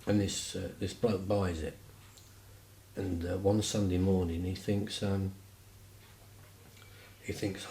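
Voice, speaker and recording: A man's voice: sits low, flat delivery, slow pace, pauses often, dark tone, reverberant, a little hiss or hum, low-quality recording. A man telling stories casually, rambling and chatty with lots of fillers. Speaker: vlogger. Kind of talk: casual storytelling.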